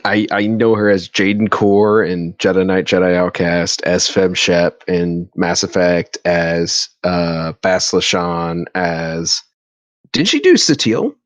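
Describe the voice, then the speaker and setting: A man's voice: low-pitched, expressive, slow pace, no echo. A man co-hosting a casual podcast chat, rambling with frequent restarts. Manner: rambling, restarts often, trails off. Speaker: podcast co-host.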